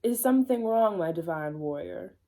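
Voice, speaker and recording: Woman doing an earnest, old-fashioned god-warrior man: slow, grand, mellow and low. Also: expressive, gravelly. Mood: earnest devoted.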